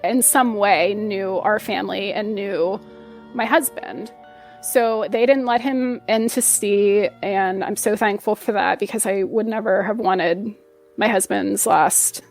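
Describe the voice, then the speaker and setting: A woman telling a painful personal story as an interview guest, hesitant and repeating words as she restarts her sentences. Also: medium pitch. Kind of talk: emotional personal account.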